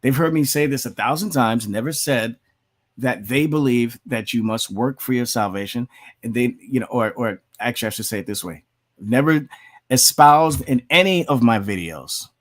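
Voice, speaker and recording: A man's voice: medium pitch, moderate pace. A man hosting his own channel, arguing heatedly against critics while commenting on a video, often mocking them in quoted asides. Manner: argumentative, heated, repetitive asides; mocks opponents in put-on quotes. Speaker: channel host.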